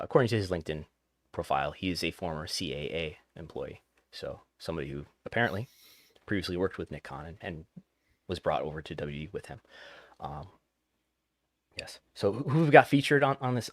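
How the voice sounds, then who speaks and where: A man's voice: sits low, expressive, brisk, no echo, clean studio sound. A man hosting a podcast, chatting casually about the news with wry, joking asides. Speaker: podcast host.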